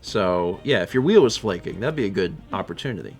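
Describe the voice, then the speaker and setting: A man's voice: low-pitched, expressive, fairly quick, gravelly, faint music behind. A man streaming a video game, chatting casually and rambling with frequent self-corrections. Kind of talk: casual gameplay chat.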